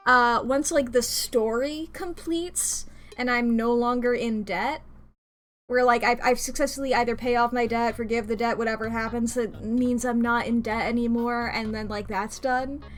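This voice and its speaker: A young woman streaming a video game, rambling casually and laughing often. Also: on the high side. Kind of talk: casual gameplay chat.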